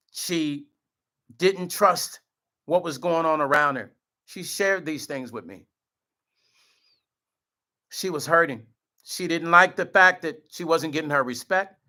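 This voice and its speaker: Man, middle-aged, vlog host, earnest, emotional, close to tears, bright forceful voice. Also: on the high side. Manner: earnest, repeats himself, addresses viewers as y'all. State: choked up, near tears. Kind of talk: emotional direct-to-camera talk.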